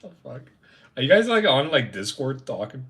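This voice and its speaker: Lively, rambling young male streamer. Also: mid-range voice, a little fast. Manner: rambling, profane, jokey, talks to chat, bursts into loud mock outrage. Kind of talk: casual live-stream chat.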